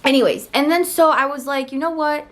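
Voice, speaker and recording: A young woman telling a story to her camera in a chatty, digressive way, often laughing at herself and getting animated as she retells an argument. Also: high voice, fairly quick. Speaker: vlogger. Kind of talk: casual storytime monologue.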